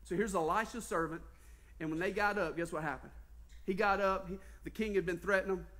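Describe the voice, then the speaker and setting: His voice sitting high and moving fairly quickly, a Southern US pastor preaches with lively storytelling. He constantly asks his congregation questions as he goes.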